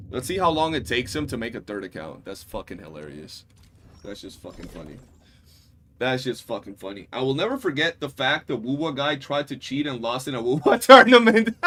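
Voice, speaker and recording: A man streaming live, telling stories in a casual, animated and profane way. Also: medium pitch, a little hiss or hum. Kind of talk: casual livestream chat.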